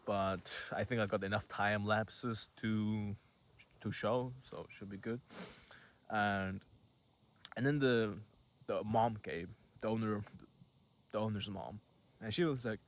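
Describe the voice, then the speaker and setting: 18-year-old guy, casual vlog storytelling, rambling, lots of fillers, a bit low-pitched. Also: takes it slowly, long pauses. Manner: rambling, heavy use of "like", casual swearing. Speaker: vlogger.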